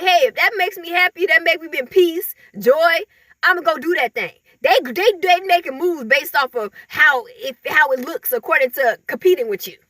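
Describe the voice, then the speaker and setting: A woman vents in a casual monologue, her voice high and bright. She laughs freely and acts out other people in mocking voices. The sound is close and dry, with no room around it. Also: no echo. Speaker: vlogger.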